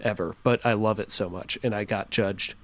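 A man's voice: fairly low pitch, steady tone, normal speed, slight background noise. A man speaking as a podcast guest in casual chat, rambling enthusiastically with plenty of fillers.

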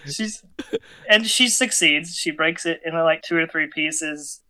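Guy with a bright, slightly high voice rambling through a funny story, laughs a lot. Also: measured pace. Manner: animated, laughing often, many fillers and restarts. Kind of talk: casual chat, telling a childhood story.

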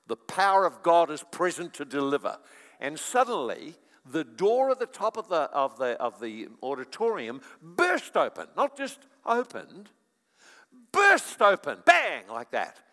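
A male preacher giving a sermon in an animated storytelling manner, with chuckling asides. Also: fairly high pitch, normal speed. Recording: long reverb of a large hall.

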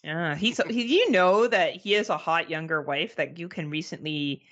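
A woman's voice: low-pitched, normal speed, fairly bright tone, lo-fi sound. A woman in her forties from Canada, co-hosting a podcast in casual chat, chatty, swearing freely and laughing often. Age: 40s. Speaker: podcast co-host.

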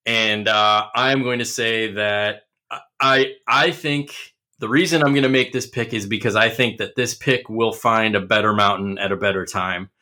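A man's voice: fairly low pitch, fairly even intonation, moderate pace, pushed and bright. A man hosting a casual podcast chat, ribbing his friends in a joking, mock-dramatic way. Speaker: podcast host.

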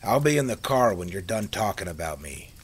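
A man with a low voice reading the lines of a withdrawn young war veteran, speaking curtly. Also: very animated, a little fast, a little hiss or hum. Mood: irritated. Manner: curt, irritated.

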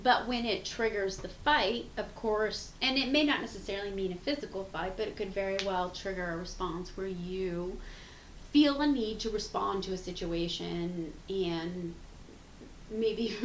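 A woman co-hosting a podcast in casual chat, frank and reflective, laughing easily and swearing casually. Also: fairly low pitch. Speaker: podcast co-host. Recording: roomy sound with faint background hum.

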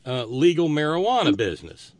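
A man's voice: fairly high pitch, big pitch swings, brisk, slight background noise. A man, co-hosting casual podcast banter in a joking, folksy, rambling way.

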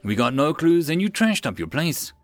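A man voicing a calm, gentle woman doctor who asks patient questions. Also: fairly high pitch, normal speed, dry recording, pitched above the performer's own voice. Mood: wry.

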